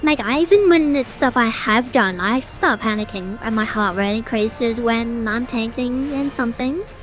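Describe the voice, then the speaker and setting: A young woman streamer gives loose, rambling gameplay commentary, filling her sentences with fillers as she vents. Her voice sits a little high for a woman, and faint game music plays under her talk. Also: a little slow. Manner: chatty, ranting, many "like" fillers. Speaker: gaming streamer.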